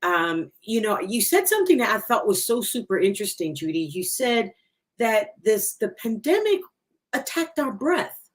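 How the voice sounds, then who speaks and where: A woman's voice: mid-range voice, big pitch swings, normal speed. A woman hosting an interview, attentive and affirming as she reflects on her guest's points. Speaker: interview host. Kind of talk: conversational interview.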